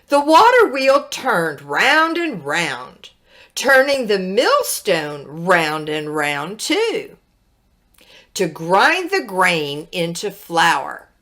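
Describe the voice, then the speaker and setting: A woman teacher reading a picture book aloud to children, gently asking her young listeners questions. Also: on the low side. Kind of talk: children's read-aloud storytelling.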